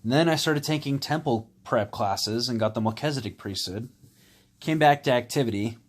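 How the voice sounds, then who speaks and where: A man telling a personal story in a candid, rambling way, pausing with "um" and "you know". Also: medium pitch. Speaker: vlogger.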